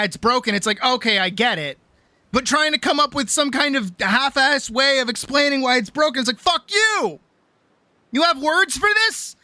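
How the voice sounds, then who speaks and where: A young adult woman streamer telling a story in a casual, animated rant, swearing often and full of fillers. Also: mid-range voice, dry recording.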